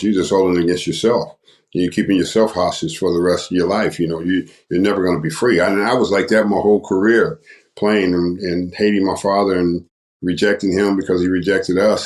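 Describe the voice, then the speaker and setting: An older man with a very deep, low voice tells his story as a guest on a podcast. He talks like a preacher, repeating phrases for emphasis. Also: darkish tone. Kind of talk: testimony in a podcast interview.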